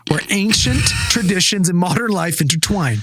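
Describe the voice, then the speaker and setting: A man's voice: sits high, animated, moderate pace, over music. A man hosting a casual podcast who jokes, swears casually and reads a spooky legend aloud in a dramatic tone. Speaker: podcast host reading the story. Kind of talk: casual chat and read-aloud narration.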